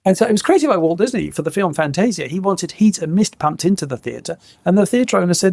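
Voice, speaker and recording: A middle-aged man, a podcast guest, telling animated stories, laughing often and acting out quoted lines. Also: high voice, fast talker, vocal fry, hardly any pauses, dry recording. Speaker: guest, former innovation head. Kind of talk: animated anecdotal storytelling.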